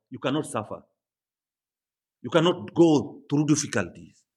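A man preaching a sermon with passion, stretching key words slowly and climbing to high emphatic peaks on the phrases he repeats. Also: sing-song, husky.

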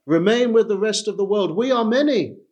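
A man's voice: sits high, expressive, a little fast, darkish tone, dull audio, voice pushed up. A man voicing a devil who coaxes and urges over and over, inside a sermon. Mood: coaxing. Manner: coaxing, repetitive urging. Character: tempting male devil, coaxing and persuasive.

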